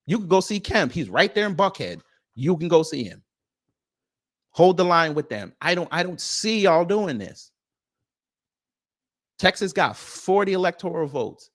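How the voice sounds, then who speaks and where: Mocking, ranting male live-streamer. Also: on the high side. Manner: animated, mocking, rapid rhetorical questions. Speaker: political commentary host.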